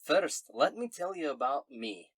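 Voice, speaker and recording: A man voicing a vain, boastful male dwarf in a put-on Scottish accent, reading a letter in a hammy, jokey way with a husky voice. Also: fairly high pitch, expressive, a little slow, a bit bright, no room sound, voice pushed up, heavily acted.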